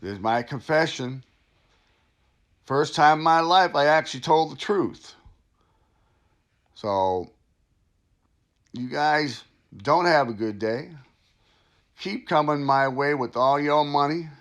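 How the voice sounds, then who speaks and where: A man playing a gravelly, bragging crooked official. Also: fairly high pitch, slow, pauses often, a bit bright. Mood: smug. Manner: smug, bragging, laughing at himself. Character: boastful crooked male town official, middle-aged. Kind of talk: satirical comedy monologue.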